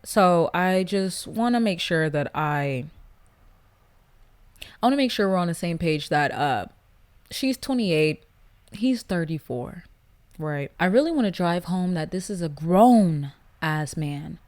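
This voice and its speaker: A woman hosting a casual podcast, blunt and profane, getting animated with loud laughing outbursts. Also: lowish voice, slow pace. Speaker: podcast host. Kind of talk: casual podcast chat, reading listener stories.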